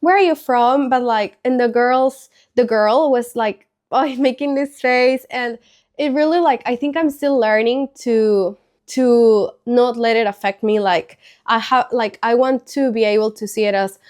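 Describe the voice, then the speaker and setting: A sick, hoarse woman talking casually to camera as a teacher and vlog host, rambling with lots of "like" and restarts and sounding a bit upset. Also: on the high side, a little slow, a little mellow. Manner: chatty, rambling, frequent "like" and restarts; mildly upset, confiding. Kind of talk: casual storytelling chat to camera.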